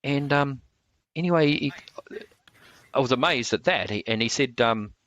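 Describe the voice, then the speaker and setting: A man's voice: medium pitch, lively intonation, moderate pace, a bit bright. A man being interviewed as a martial artist, telling long rambling stories with many restarts. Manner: rambling, full of restarts and fillers. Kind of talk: casual storytelling interview.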